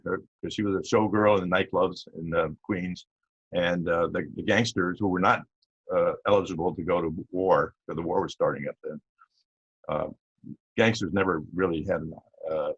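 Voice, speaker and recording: Halting older man, deep husky voice. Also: no echo. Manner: rambling, halting, with many fillers and restarts. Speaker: interview guest, retired police captain. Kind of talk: casual storytelling interview. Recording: dull lo-fi audio.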